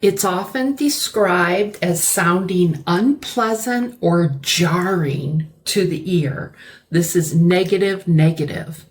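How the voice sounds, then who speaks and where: A woman teaching English vocabulary, explaining words slowly and repeating key terms. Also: medium pitch, a little hiss or hum. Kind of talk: slow classroom-style vocabulary lesson.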